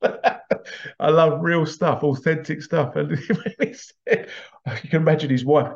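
A man's voice: on the high side, steady tone, measured pace, vocal fry, muffled recording. Chatty man telling stories. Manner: chatty, often breaks into laughter. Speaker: host. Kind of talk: casual anecdotal storytelling.

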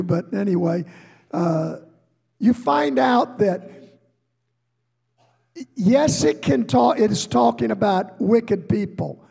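A slow, high-pitched male preacher delivers a sermon with a gravelly, husky edge. He climbs into shouted peaks, then sinks to near-whispered asides. His voice rings with the long reverb of a large hall. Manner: swings from shouted high rises to hushed low asides. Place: church before a congregation.

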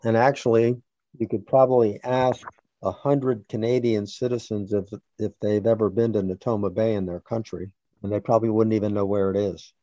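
A man being interviewed, recounting a personal story about his son in a halting way with restarts. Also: fairly low pitch, steady tone, warm tone, dry recording, lo-fi sound. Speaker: interview guest, father.

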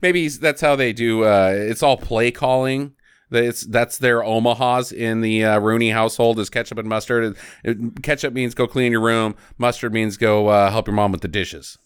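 A man's voice: medium pitch, fairly even intonation, normal speed, clear, resonant tone, dry recording, studio quality. A man co-hosting a casual movie review podcast, sarcastic, recapping scenes and jumping into quoted voices. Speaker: podcast co-host.

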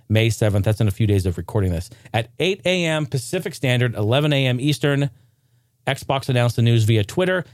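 A young man hosting a casual gaming news podcast, rambling and joking, sometimes breaking into loud shouted bits. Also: mid-range voice, dry recording, clean studio sound. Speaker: podcast host.

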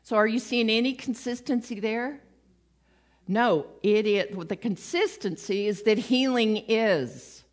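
Her voice sits fairly high and she takes her time as she preaches a chatty sermon. She's an animated storyteller who voices the people she quotes and laughs easily at her own expense.

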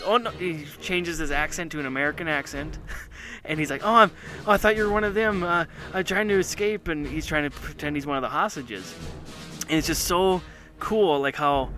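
A man's voice: a little high, sharp tone. A man co-hosting a casual chat show, talking enthusiastically and rambling with many fillers. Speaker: podcast co-host.

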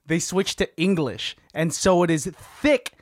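Man, high voice, animated, laughing, casual chat, dry sound. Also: unhurried, dry recording. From Filipino family. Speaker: podcast co-host.

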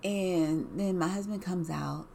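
A woman casually telling a personal story in an animated way, full of "like" and laughs. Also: fairly low pitch, takes it slowly, creaky, a little hiss or hum.

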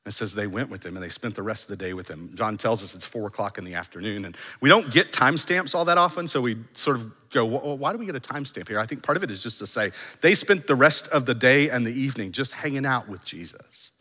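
A male pastor preaching a sermon, animated, acting out the lines he quotes. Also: mid-range voice, fast talker, few pauses, long reverb tail.

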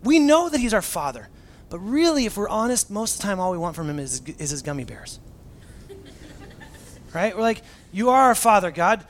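A man in his thirties with a fairly high voice gives a sermon as a pastor. He tells it like a chatty, self-mocking story, full of fillers and asides. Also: very animated, normal speed, pauses often, slight background noise.

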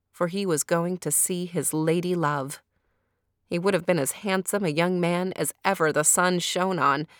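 Woman reading a storybook aloud, low voice. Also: dry recording, clean studio sound.

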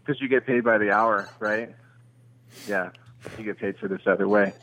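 A man's voice: on the low side, steady tone, moderate pace, fairly bright tone. A man on a phone call as an angry customer, talking in an exasperated, rambling way.

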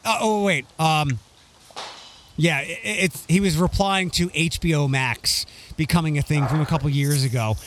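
A man's voice: on the high side, normal speed, slight background noise. A young man co-hosting a casual podcast chat, rambling and restarting as he talks. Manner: rambling, animated, restarts often. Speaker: podcast co-host.

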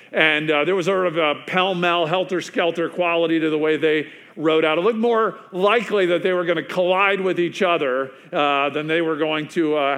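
A man preaching a sermon who tells it like a story, chatty and unpolished, with plenty of ums and restarts. His voice sits a bit higher than most men's, and he sinks to a hushed near-murmur when he wants a line to land. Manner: conversational storytelling with frequent fillers and restarts; drops to a hushed, quieter voice for emphasis. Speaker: pastor.

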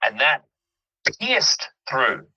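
Guy coaching on an interview, earnest, keeps asking "right?", kinda muffled lo-fi audio, raspy edge. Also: mid-range voice, wildly swooping pitch, drawn-out words, sharp tone. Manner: earnest, emphatic, checks in with listener. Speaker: mindset coach. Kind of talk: interview guest explaining with examples. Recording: dull lo-fi audio.

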